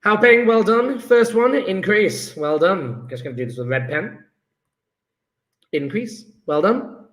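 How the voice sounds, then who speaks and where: A man teaching a chemistry lesson live online, enthusiastic and coaxing, praising students by name with quick asides. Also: sits high, lively intonation, fairly bright tone. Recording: roomy echo.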